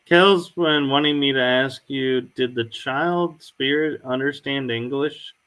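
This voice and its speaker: Male host, slow unhurried delivery, brief questions. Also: medium pitch, a bit bright. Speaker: podcast host. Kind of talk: interviewing a guest.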